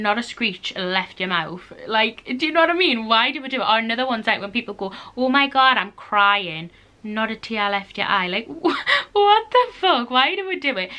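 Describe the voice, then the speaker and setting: A bright, clear-toned young woman with a Geordie accent talks straight to camera from home. She's in her twenties and chats casually in an animated way, swearing freely and putting on little voices for quoted exchanges. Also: mid-range voice. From North East England. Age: 20s. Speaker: YouTuber. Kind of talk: casual chatty vlog. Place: indoors at home. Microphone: camera mic.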